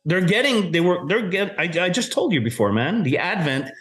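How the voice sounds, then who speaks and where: A man's voice: high voice, very animated, a little fast, fairly bright tone, soft background music. Emphatic man arguing in casual debate. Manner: emphatic, swears casually, argues point by point. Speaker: co-host debating a film.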